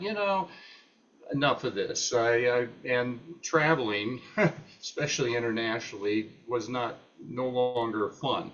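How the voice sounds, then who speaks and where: An older retired professor giving an unscripted talk at a meeting, halting and full of fillers and restarts. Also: male voice, mid-range voice, fairly bright tone, dull audio.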